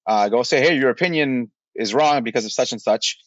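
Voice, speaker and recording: A podcast co-host launches into a heated rant during casual chat, blunt, exasperated and swearing as he presses his point. He speaks briskly at an ordinary pitch. The lo-fi audio is dry, slightly muffled, and echo-free.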